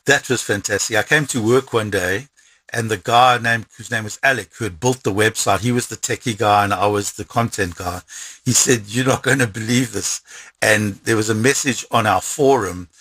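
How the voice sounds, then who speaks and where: A middle-aged man with a South African accent, recounting a story in an interview with lively repetition. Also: fairly low pitch, normal speed, husky, no echo. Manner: animated storyteller, repeats words when excited.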